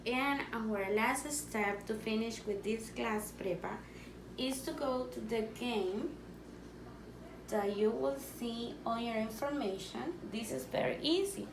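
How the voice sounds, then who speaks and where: Slow, patient teacher woman, high voice. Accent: Spanish. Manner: slow, patient, repeats words for children. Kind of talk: phonics lesson for young learners. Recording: echoey room, faint background noise.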